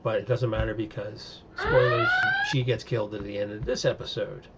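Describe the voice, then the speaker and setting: A man's voice: lowish voice, steady tone, brisk, highs cut off, very noisy. A man giving a casual, opinionated recap and review of TV episodes, rambling with many fillers. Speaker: show reviewer.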